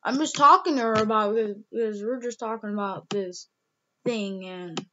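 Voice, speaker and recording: A woman's voice: mid-range voice, normal speed, bright, forceful tone, lo-fi sound, a little hiss or hum. A young woman vlogging casually, rambling with lots of "like" and restarts, emotional and close to tears. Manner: rambling, heavy use of "like", many restarts. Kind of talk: casual vlog talk.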